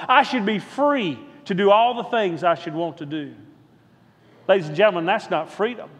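High-voiced man preaching in a reverberant church. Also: fairly bright tone. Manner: rhythmic repetition, calls out to the congregation for response. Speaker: pastor. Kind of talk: sermon. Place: church sanctuary.

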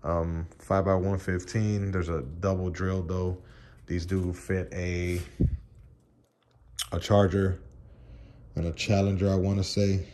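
A man's voice: low-pitched, little pitch movement, takes it slowly, long pauses, a little mellow, a little hiss or hum. A man vlogging casually from his wheel shop, rambling and cursing with lots of fillers. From Puerto Rican heritage. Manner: laid-back, rambling, curses, many fillers like "you know". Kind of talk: casual vlog walkthrough.

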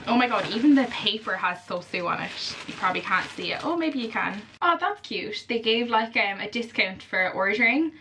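A young Irish woman in her twenties vlogging in a chatty, gushing way, full of fillers and excited exclamations. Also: medium pitch, brisk, hardly any pauses, noisy background. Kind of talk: casual vlog chat.

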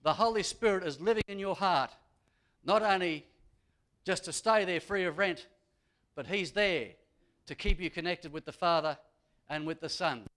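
A man's voice: sits high, normal speed, long pauses, a bit bright. A man preaching a sermon as a pastor. He builds emphasis and repeats his key phrases. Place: church.

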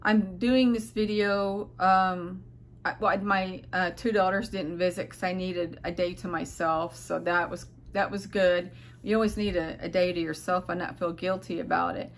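A tired, unwell middle-aged woman addresses her viewers in a casual personal vlog, her voice on the low side, steady, and moderately paced. Her monologue is rambling, hesitant, and earnest, and she often gropes for words.

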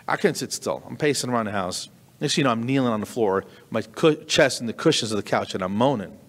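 A middle-aged man performing stand-up comedy, telling a story with animated delivery and sudden high squeaks of disbelief. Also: fast. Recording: long reverberant hall.

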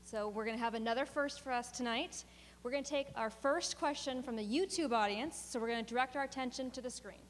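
Woman, moderator, high voice, brisk announcements, long hall reverb, faint hum. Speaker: event moderator. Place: large lecture hall.

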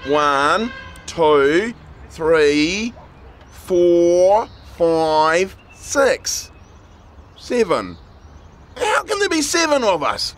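A man voicing an anxious young boy who counts out loud and gets alarmed. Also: extremely high pitch, very animated, moderate pace, hardly any pauses, pitched above the performer's own voice, exaggerated voice.

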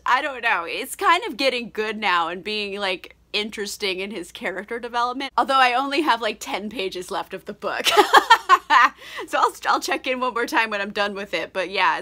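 Tipsy woman reviewing a book, bright and sweary, laughing a lot. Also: mid-range voice. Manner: chatty, laughing, lots of swearing and "like". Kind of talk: casual book recap.

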